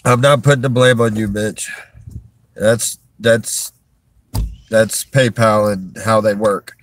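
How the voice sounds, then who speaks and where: A man speaks to his stream viewers in a somewhat low voice, halting and strained. He restarts his sentences and sighs between them. He is sitting in a vehicle in a store parking lot. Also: steady tone. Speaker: livestreamer. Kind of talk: emotional livestream talk to viewers.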